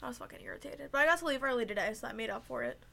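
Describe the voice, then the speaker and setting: Young woman ranting about her shift, lots of cursing, bright high-ish voice. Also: rapid-fire, vocal fry. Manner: profane, emphatic storytelling. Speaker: restaurant server. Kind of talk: casual venting chat.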